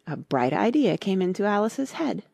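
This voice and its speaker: A woman narrating a classic storybook with an expressive, lively reading. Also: medium pitch, normal speed, creaky, husky, no room sound, studio quality. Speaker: audiobook narrator.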